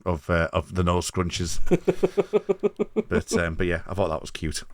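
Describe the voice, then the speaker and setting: A man's voice: low voice, very animated, takes it slowly, dry recording. A man hosting a podcast in casual chat, rambling and hedging as he restarts his thoughts. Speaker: podcast host.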